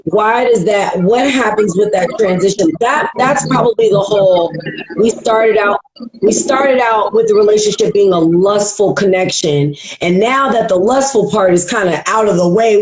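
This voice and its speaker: A podcast host in casual chat, relaxed, agreeing often and asking questions. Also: medium pitch, moderate pace, echoey room, a crowd in the background, low-quality recording.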